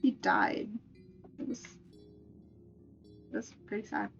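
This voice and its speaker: A woman's voice: mid-range voice, drawn-out words, vocal fry, muffled recording, faint music behind. A woman streamer in playful, casual live-stream chat, laughing often. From United States.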